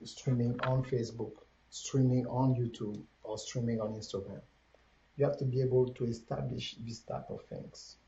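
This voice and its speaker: A man's voice: medium pitch, steady tone, normal speed, gravelly, dark tone, reverberant, lo-fi sound, slight background noise. A man with a French accent giving a livestreamed business coaching talk, counting off steps and repeating his key points in a preachy way.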